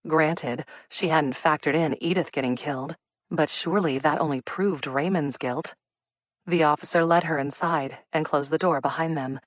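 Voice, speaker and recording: A woman narrates a cozy mystery audiobook in a smooth, even manner. Her voice sits very low for a woman. The recording is close and dry with no room sound. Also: no room sound. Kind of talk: scripted narration.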